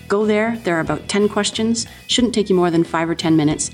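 A Canadian woman hosts a podcast in a friendly, conversational manner. Her voice sits a little low for a woman, and soft music plays faintly under it. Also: brisk, hardly any pauses. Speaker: podcast host. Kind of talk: podcast interview.

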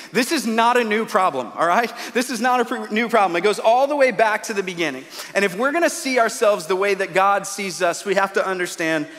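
A man's voice: high-pitched, fairly bright tone. A man in his thirties, a pastor giving a sermon in a church auditorium, telling stories in a conversational way with frequent restarts. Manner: conversational storytelling with repeated restarts. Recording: long hall reverb.

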